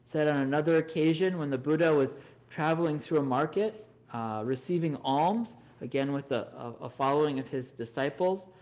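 A man giving an animated storytelling Dharma talk, often checking in with "right?". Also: fairly high pitch. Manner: animated, frequent "right?" tag questions. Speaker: Dharma teacher.

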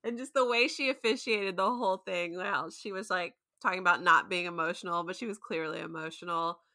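A woman's voice: on the low side, fairly even intonation, fairly quick, pushed and bright, dry recording, clean studio sound. A woman co-hosting a casual chat, giggly and exclaiming often. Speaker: podcast co-host.

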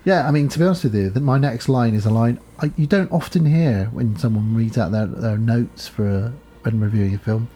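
A British man co-hosting a chatty comedy podcast, his voice dark and mellow with a husky grain. He tells stories in a loose, joking way and slips into quoting people. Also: mid-range voice, a little fast, few pauses. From United Kingdom. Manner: storytelling with acted quotes, frequent laughter. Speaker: podcast co-host. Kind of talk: casual comedic chat.

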